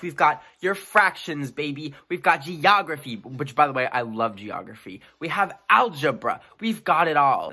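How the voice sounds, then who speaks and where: A man in his twenties talking to camera in a casual, playful vlog, mocking himself and jumping between loud outbursts and mumbled asides. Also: a little high. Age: 20s. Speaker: YouTuber. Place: room with bookcases.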